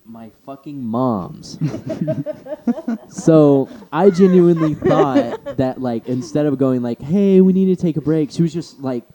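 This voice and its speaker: A man's voice: fairly high pitch, sing-song, slow pace, crowd noise. A young man in casual podcast chat, swearing freely and acting out quoted lines with big jumps in his voice. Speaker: podcast co-host.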